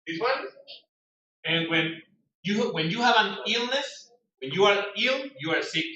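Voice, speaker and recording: A high, bright-voiced man teaches a class slowly, reading words and explaining them. He is heard from far across a very echoey classroom, and the sound is dull and lo-fi. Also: lively intonation. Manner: reads word lists aloud, explains with acted examples. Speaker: English teacher. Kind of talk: classroom vocabulary lesson.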